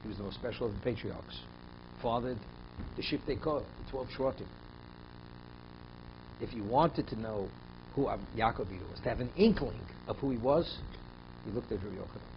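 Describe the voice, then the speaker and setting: Emphatic rabbi teaching a Torah class. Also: male voice, mid-range voice, a little fast, pauses often, dull audio, noisy background. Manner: emphatic, rhetorical questions, repeats phrases while thinking.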